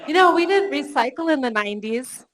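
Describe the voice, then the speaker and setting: A woman's voice: high-pitched, fairly quick, low-quality recording. A middle-aged woman running a live customer service training workshop, telling stories and asking the room questions. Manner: lively storytelling, asks the room questions.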